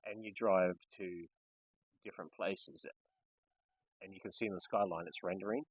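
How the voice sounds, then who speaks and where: A man with an Australian accent voicing a calm male conspiracy theorist who insists with matter-of-fact certainty. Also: low voice, normal speed, husky, no room sound, rough recording. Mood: insistent.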